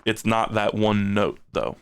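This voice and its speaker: Excitable, joking male game streamer. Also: on the low side, unhurried, creaky, a little hiss or hum. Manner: excitable, joking, swears and laughs often. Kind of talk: casual live game commentary. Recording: game music playing behind. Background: game soundtrack music.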